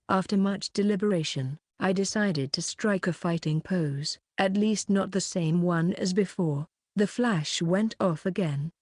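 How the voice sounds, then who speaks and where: A woman narrating a light novel audiobook, reading every character in a near-even voice. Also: fairly low pitch, unhurried, few pauses, no echo, studio quality.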